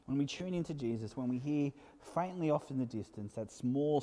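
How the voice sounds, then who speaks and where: A man's voice: mid-range voice, normal speed, hardly any pauses. Man preaching in a reverberant hall. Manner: earnest, builds to emphatic peaks, drops to soft asides. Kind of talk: sermon.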